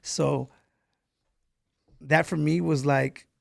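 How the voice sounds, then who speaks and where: Man, podcast guest, very gravelly voice, profane, says bro a lot, dry close sound. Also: fairly high pitch, fairly even intonation, drawn-out words, no echo. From Mexico. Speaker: entrepreneur guest. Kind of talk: casual podcast storytelling.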